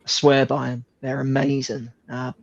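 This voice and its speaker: A man in a relaxed casual chat, swearing now and then and laughing easily, apparently on a video call from home. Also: mid-range voice, moderate pace, gravelly, dry recording, highs cut off.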